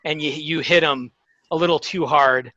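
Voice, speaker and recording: A man narrating a tabletop game as game master, halting and full of fillers. His voice is bright and tense, a bit higher than most. The recording is dry and slightly dull. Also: fairly even intonation, dry recording.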